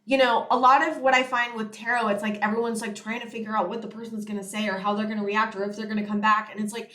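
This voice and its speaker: A young tarot reader gives a rambling, earnest channeled reading straight to her viewers, full of "you know" and "it's like." Her voice is on the high side, level and a bit bright, she talks fast, and the sound is roomy.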